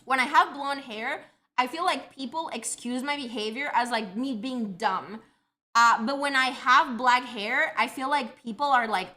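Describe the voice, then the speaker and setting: A young woman streamer with a Colombian accent talks loosely to her chat in a rambling, self-deprecating way. Her voice sits a little high and sounds bright and forward. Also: unhurried. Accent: Colombian, long in Canada. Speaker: livestreamer.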